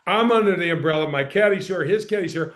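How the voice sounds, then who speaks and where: A middle-aged man tells his story on a podcast with energy and emphasis. His voice sits high for a man. He punches key words and keeps the telling moving. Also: quick pace. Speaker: podcast guest, former pro golfer and radio host. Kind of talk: animated storytelling in conversation.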